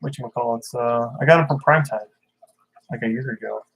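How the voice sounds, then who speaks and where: A man's voice: medium pitch, fairly quick, gravelly, a bit bright, slightly rough, rough recording. A man chatting casually on a livestream, rambling as he reads out viewer comments and talks about his tanks. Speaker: fish-keeping livestreamer.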